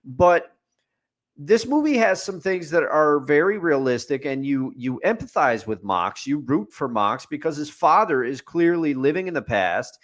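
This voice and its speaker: A man's voice: a little high, lively intonation, unhurried. A man co-hosting a podcast, giving an opinionated, rambling movie review in casual chat with fillers and restarts. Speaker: podcast co-host. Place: studio.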